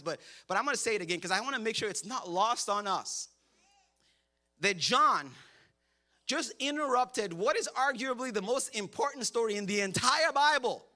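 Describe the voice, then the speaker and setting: A man's voice: high-pitched, bright, forceful tone. A man in his thirties preaching a sermon as a pastor, telling the story with jokes and frequent laughter. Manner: joking storyteller, acts out quotes; laughs often while preaching.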